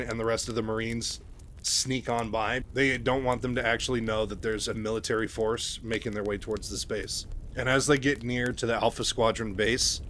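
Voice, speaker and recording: A man's voice: mid-range voice, fairly bright tone, slight background noise. A young man casually retelling a book's story, chatty and full of asides and fillers. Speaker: channel host.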